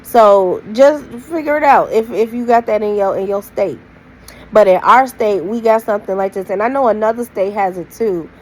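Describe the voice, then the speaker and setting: A woman's voice: mid-range voice, normal speed, rough recording. Casual woman rambling through a storytime. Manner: rambling, loose slang-filled retelling with many "like"s; addresses viewers directly. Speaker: storytime vlogger.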